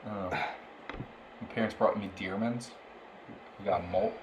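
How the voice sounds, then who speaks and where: A man's voice: fairly low pitch, steady tone, moderate pace. A young man co-hosting a podcast, telling a story in casual chat and laughing often along the way. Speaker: podcast co-host. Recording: roomy, with faint background noise.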